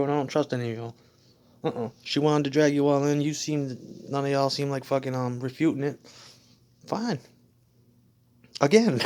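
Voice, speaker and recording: A man on a profane, defiant rant at unseen people, mocking them and laughing between lines, swinging from loud outbursts to muttered whispers. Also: mid-range voice. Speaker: drummer.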